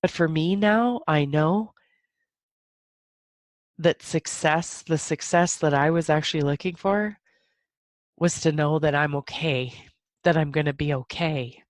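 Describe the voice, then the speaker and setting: A woman's voice: low-pitched, slow pace, pauses often, no room sound. Woman podcaster talking solo, teary and stuffy-nosed, laughs between thoughts, dry close sound. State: stuffy nose. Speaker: podcast host. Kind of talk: reflective solo podcast monologue.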